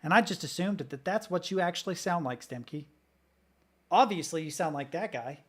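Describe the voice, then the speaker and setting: A man's voice: a little high, lively intonation, moderate pace, a bit bright, slightly rough. A man from the Southern United States, streaming and ranting casually with lots of swearing while he reacts to clips. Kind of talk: live-stream reaction commentary.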